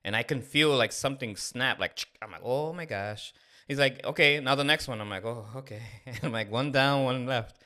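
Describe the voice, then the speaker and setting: A man's voice: mid-range voice, normal speed. A man in his thirties telling a candid personal story on a podcast, acting out the dialogue as he goes. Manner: candid, animated, acts out dialogue. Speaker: podcast co-host. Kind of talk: casual storytelling.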